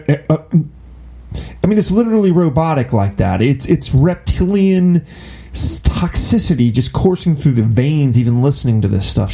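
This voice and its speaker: A male host delivering sarcastic political commentary. His voice is gravelly and dark, with a mocking edge. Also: a little high.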